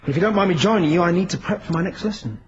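A woman's voice: fairly low pitch, animated, racing, slight background noise, natural voice. A performer playing a flustered male teacher. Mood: exasperated. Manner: exasperated, stern, flustered. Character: flustered prim male schoolteacher. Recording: lo-fi clip with audience laughter.

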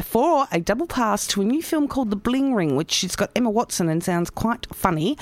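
A woman's voice: medium pitch, no echo. An Australian woman hosting a breakfast radio show, chatting casually and playfully with plenty of fillers.

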